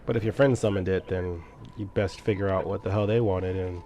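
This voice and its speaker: A man voicing a guarded male companion in a tabletop game, quiet and warning. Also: deep voice, fairly even intonation, a little fast, a little hiss or hum.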